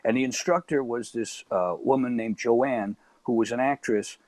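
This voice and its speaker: A middle-aged man with a Chicago accent, a stand-up comedian telling a lively anecdote as a guest. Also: mid-range voice, moderate pace, no room sound. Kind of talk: storytelling in casual chat.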